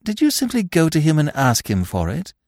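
A man's voice: on the high side, huge pitch swings, fairly quick, darkish tone, no echo, studio quality, pitched above the performer's own voice. A man voicing a harassed, impatient young woman who talks in a tense, clipped, exasperated way.

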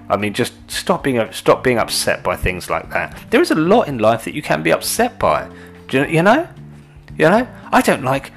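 A man's voice: lowish voice, a bit bright. A man ranting in a casual monologue, sweary and exasperated, rambling with restarts.

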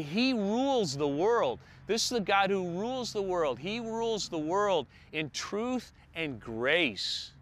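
A man preaching a sermon as a pastor, dwelling on words with slow emphatic pauses. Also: sits high, a bit bright, a little hiss or hum.

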